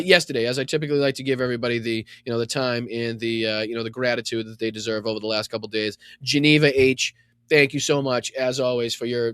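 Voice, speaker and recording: A podcast host with a Boston accent, rambling warmly through a casual thank-you segment, full of fillers and profane asides. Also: male voice, mid-range voice, no echo, clean studio sound. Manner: rambling, filler-heavy, effusive gratitude.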